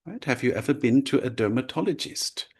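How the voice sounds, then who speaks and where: Lively, husky-voiced male teacher. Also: mid-range voice, fairly quick. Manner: lively, explaining with frequent "right?" and "yeah?". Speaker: language teacher. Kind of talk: lecture.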